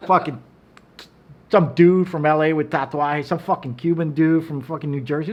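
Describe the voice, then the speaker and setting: A middle-aged man telling stories in casual chat, animated and profane, acting out quotes in a loud high voice. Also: fairly quick. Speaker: cigar brand owner. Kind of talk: casual storytelling.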